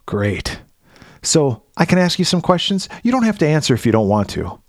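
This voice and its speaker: A man voicing a creepy middle-aged uncle who questions a boy in a soft, prying, overly friendly way, read aloud as a film scene. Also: a little high, sing-song, normal speed, no room sound, studio quality. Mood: probing.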